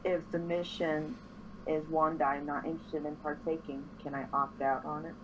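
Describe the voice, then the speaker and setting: A woman voicing her own character in a tabletop game, in a fairly low voice. She speaks carefully and warily, with clear background noise behind her. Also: little pitch movement, normal speed. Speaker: player. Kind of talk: in-character tabletop role-play.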